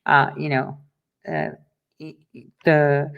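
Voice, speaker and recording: A woman's voice: sits low, sing-song, slow pace, muffled recording. Blunt, profane woman host ranting. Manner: blunt and profane, storytelling with laughs. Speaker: talk show host. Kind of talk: casual monologue to listeners.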